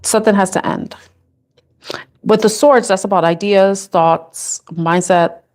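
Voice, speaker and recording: A woman's voice: mid-range voice, steady tone, a little slow, darkish tone. Giggly, chatty woman tarot reader. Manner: chatty, giggly, thinks aloud with restarts. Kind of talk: casual live tarot reading chat.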